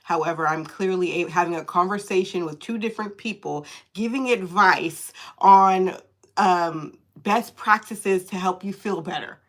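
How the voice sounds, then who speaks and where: A woman tarot reader talking live into her phone, animated and indignant, cursing freely as she vents. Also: fairly low pitch, unhurried. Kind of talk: live-streamed tarot chat.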